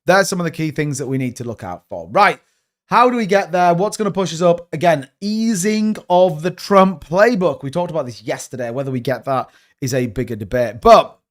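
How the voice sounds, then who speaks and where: A man hosting a live stream, giving casual market commentary in an animated, joking way, repeating catchphrases. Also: fairly high pitch, brisk. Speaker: crypto channel host.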